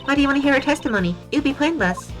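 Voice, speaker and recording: A high-strung young nurse from a video game, as a woman puts her on, shrill and panicky and quick to fuss. The voice bounces all over, and game music plays clearly underneath. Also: expressive. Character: fussy frantic young female nurse.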